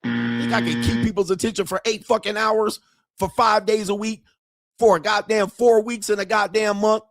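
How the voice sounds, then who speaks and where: A man's voice: high voice, moderate pace, dry recording, studio quality, faint music behind. A middle-aged man hosting an online show, ranting in brash, profane and boastful commentary and laughing at his own jokes.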